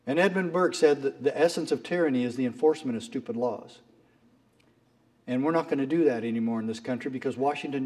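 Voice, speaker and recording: A man's voice: on the high side, darkish tone, husky. A middle-aged man giving an impassioned speech at a fundraiser, telling a story and acting out its characters' lines. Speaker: speaker at a political fundraiser. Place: fundraiser event hall.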